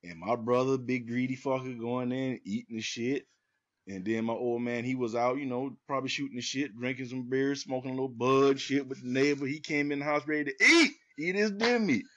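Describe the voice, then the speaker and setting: Profane, animated male storyteller. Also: mid-range voice, fairly quick, dull audio. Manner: profane, animated storyteller who acts out quotes. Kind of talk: casual storytelling chat.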